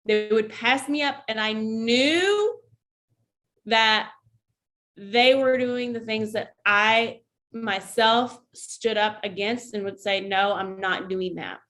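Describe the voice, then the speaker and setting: A woman's voice: a little high, slow, a bit bright. A woman who is an army veteran, talking candidly and conversationally to her viewers in a casual vlog, often breaking off for asides. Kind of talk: casual talk to camera.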